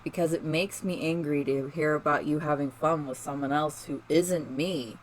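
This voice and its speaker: A man voicing a moody, defensive young male mutant turtle in a read-aloud fan story, in a flat, grumbling way. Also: mid-range voice, a little slow, slight background noise, close to an everyday voice, low-quality recording. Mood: angry.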